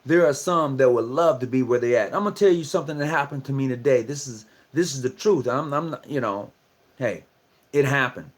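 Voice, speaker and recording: A man's voice: medium pitch, brisk. A man giving a casual talk to fellow lodge members, repeating himself and asking rhetorical questions. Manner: conversational and preachy, repeats phrases, asks rhetorical questions. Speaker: lodge speaker addressing fellow Masons. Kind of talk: casual lecture, livestream talk.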